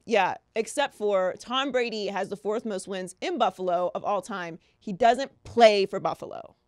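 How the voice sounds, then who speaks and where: A woman's voice: mid-range voice, moderate pace, few pauses, no echo, studio quality. A woman co-hosting a sports podcast, talking in a casual, opinionated and sarcastic way. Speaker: podcast co-host.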